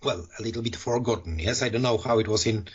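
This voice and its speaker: Male podcast co-host, husky and low, halting speech, dull lo-fi audio. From Poland. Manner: hesitant, many fillers and restarts. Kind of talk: casual political discussion. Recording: dull lo-fi sound.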